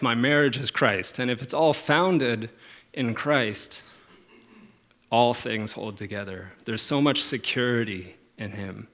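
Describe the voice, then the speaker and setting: A man preaching a sermon, earnest, moving from quiet reflective phrases to emphatic, stressed lines. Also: mid-range voice, slow pace. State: emotional at moments. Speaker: pastor.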